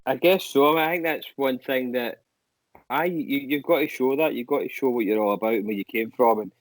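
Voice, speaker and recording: Animated man telling stories. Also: mid-range voice, a little fast, no echo, poor audio. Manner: animated anecdotes, swears casually. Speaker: guest musician. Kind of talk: casual storytelling chat.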